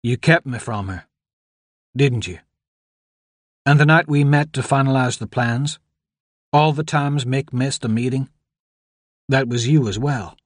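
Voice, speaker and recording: A bitter, furious man demanding the truth, clipped and seething, slow and deliberate, as a male narrator plays him. The voice sits close and dry, like a storybook read in a quiet booth. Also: mid-range voice, no room sound, natural voice.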